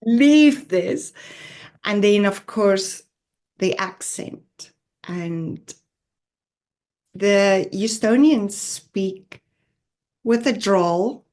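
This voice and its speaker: South African woman, podcast guest, unhurried earnest storyteller with a mid-range voice. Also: mid-range voice. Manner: earnest, reflective, with soft laughs. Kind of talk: personal storytelling interview.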